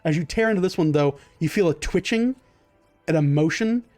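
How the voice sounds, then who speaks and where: A man narrating a tabletop game as game master, spinning vivid and slightly gross scenes in a loose, improvised flow. His voice sits a little above the usual pitch for a man. Faint music plays underneath. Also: lively intonation, normal speed, darkish tone. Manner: vivid, loose storytelling with many fillers.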